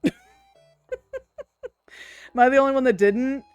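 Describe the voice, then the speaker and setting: A woman's voice: a little high, steady tone, moderate pace, dry recording, soft background music. Giggly woman streamer chatting. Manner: giggly, swears freely, coos over cute things. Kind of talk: casual chat with stream viewers.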